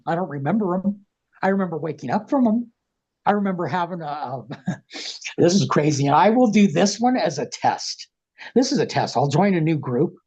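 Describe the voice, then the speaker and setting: A man with a husky, slightly breathy voice talks over a video call, frank and animated, swearing freely as he recounts events. The audio is muffled and lo-fi, like a compressed call. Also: on the high side. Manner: frank, rambling, profane, animated retelling. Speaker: guest. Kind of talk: casual storytelling interview.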